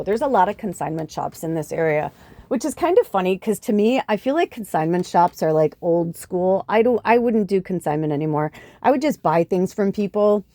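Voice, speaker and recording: A middle-aged woman hosts a podcast in a low, dark voice, captured in a dry recording. In this casual chat she's chatty, swears often, and acts out what people said.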